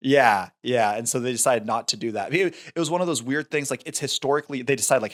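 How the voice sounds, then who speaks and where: A man's voice: mid-range voice, fast talker, few pauses. Man musing over a film scene. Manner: thoughtful, rambling with restarts. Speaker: podcast co-host. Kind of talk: casual film discussion.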